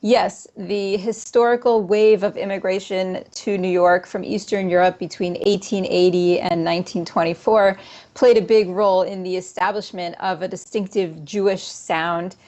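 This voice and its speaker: A woman's voice: medium pitch, fairly even intonation, normal speed, darkish tone. Precise academic woman explaining. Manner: precise, explanatory, with occasional ums. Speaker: linguistics professor guest.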